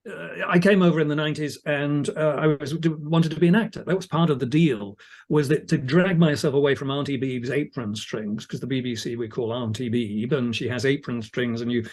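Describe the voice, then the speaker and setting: A man's voice: medium pitch, brisk. An older British man, an audiobook narrator, telling stories in a casual, self-deprecating interview chat. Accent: British English. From England. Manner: chatty, anecdotal, self-deprecating.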